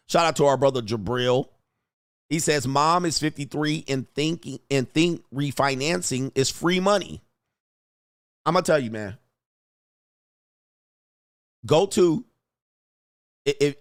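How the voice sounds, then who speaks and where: A man hosting a casual livestream, reading out viewer comments and reacting bluntly with animated exclamations. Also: mid-range voice, dry recording, clean studio sound. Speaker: livestream host.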